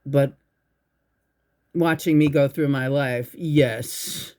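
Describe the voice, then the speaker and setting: A woman hosting her own channel, telling a spiritual story in a rambling, halting way, restarting her sentences and swearing. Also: rumbling low, dark tone. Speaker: channel host. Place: indoors at home.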